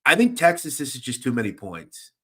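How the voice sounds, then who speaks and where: A young man talks through basketball betting picks in a loose, animated way, riffing between games and calling out to listeners in the chat. His voice sits at an ordinary middle pitch, and his talk is casual and full of fillers. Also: fairly quick, slightly rough. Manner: animated, chatty, shouts out chat viewers. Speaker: sports betting radio host.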